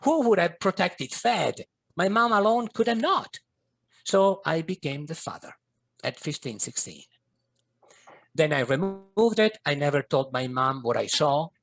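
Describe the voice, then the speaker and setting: A man's voice: fairly high pitch, lively intonation, unhurried, vocal fry, a bit bright. A middle-aged man, a podcast guest and coach, telling a personal story in an earnest, vivid way. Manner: earnest, vivid, slips in Italian and French phrases.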